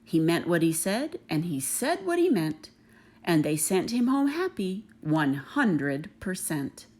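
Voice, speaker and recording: A woman reading a rhyming children's picture book aloud, expressive and rhythmic. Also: mid-range voice, a little slow. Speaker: reader.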